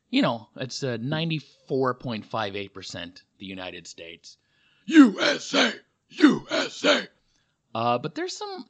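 A man's voice: medium pitch, bright, forceful tone. A man hosting his comedy podcast in a rambling, jokey monologue full of fillers, recorded in a hotel room. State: slightly dehydrated. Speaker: podcast host. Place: hotel room with a heater running.

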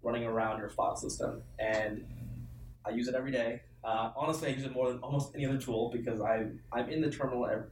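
A man co-hosting a casual tech chat, explaining things in a relaxed way. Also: medium pitch, fast. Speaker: co-host. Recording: roomy, distant mic, faint background hum.

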